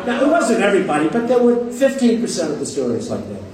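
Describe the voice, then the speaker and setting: A man's voice: high voice, wildly swooping pitch, quick pace. A man giving a campaign rally speech, boastful and rambling, repeating himself and taking sarcastic jabs at the press. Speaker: political candidate. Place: large packed hall with a crowd. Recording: echoey hall from far off, crowd noise.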